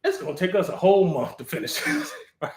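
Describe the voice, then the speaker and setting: A man, a cloud architect, hosting a live Q&A in an animated, playful manner, acting out little scenes as he talks. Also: sits high, fast. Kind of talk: casual livestream talk. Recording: roomy echo.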